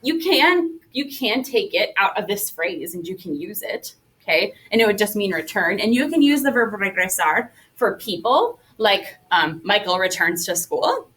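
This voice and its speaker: A woman's voice: mid-range voice, very animated, moderate pace, fairly bright tone, distant mic, low-quality recording. A woman teaching a Spanish class, upbeat and coaxing as she leads the students through repetition drills. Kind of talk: classroom lesson.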